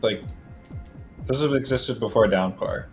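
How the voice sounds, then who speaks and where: A young man chatting casually on a game stream, relaxed and teasing. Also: medium pitch, measured pace, soft background music. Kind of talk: casual chat.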